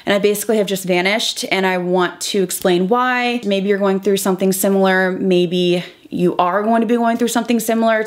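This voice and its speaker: A young woman beauty vlogger talking through a chatty get-ready-with-me, emotional and halting, close to tears. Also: medium pitch. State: close to crying.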